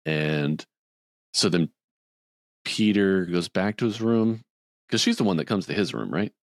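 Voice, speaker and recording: Guy with a really low voice rambling thru a movie plot on a podcast, dry close sound. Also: lively intonation, a little slow, dry recording. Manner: rambling, acts out characters' lines in higher voices. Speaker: podcast co-host. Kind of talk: casual chat, retelling a film plot.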